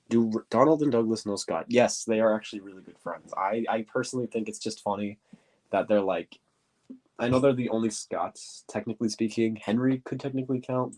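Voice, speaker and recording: A man with a deep, stuffy voice, answering viewer questions in a casual livestream, rambling and hunting for words. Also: darkish tone. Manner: rambling, searches for words, says quote-unquote often. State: stuffy nose. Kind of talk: casual livestream chat while building.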